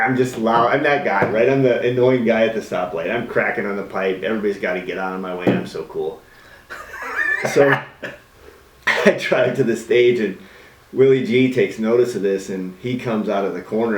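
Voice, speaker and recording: A man telling a lively story about his early days building custom bikes, acting out voices and engine noises in casual chat. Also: on the low side, reverberant, distant mic, rough recording.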